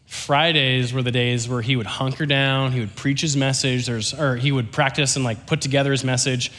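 Bright-voiced young man preaching. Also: medium pitch, normal speed. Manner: animated storytelling, asks the audience "right?". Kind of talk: sermon.

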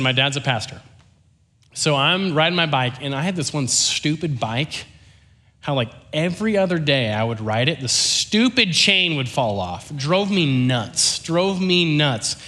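A young man giving a sermon, telling a story with lively, animated delivery and often checking in with the audience. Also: fairly high pitch, moderate pace.

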